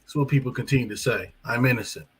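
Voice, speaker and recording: A man's voice: medium pitch, fast talker, fairly bright tone, husky, poor audio. A man hosting a live boxing talk stream, chatting in a rambling way with fillers and self-corrections. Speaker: boxing commentator and channel host. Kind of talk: casual live-stream commentary.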